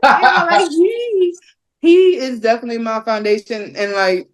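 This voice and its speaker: Lively, animated woman in her thirties. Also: fairly high pitch, normal speed. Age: 30s. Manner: animated storytelling, swears freely, laughs often. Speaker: podcast guest. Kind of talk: casual chat.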